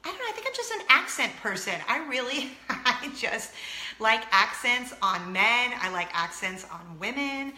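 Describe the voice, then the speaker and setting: Gushy lady vlogging, bright sharp voice in an echoey room. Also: fairly high pitch, sing-song, moderate pace. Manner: bubbly, gushing, talks to viewers directly. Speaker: vlog host. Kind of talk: chatty solo vlog.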